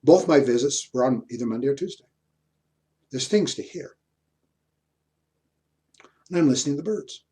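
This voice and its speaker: A man's voice: medium pitch, expressive, normal speed, pauses often, mellow. An older man lecturing on history, telling a reflective personal story and repeating words as he searches for them.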